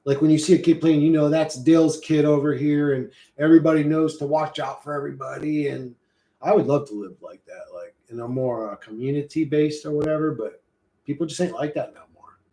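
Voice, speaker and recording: An American man streams casually, rambling, swearing and joking loosely as he reads chat, hot and sweating all the while. His voice is fairly high, brisk and mellow, with a reverberant sound.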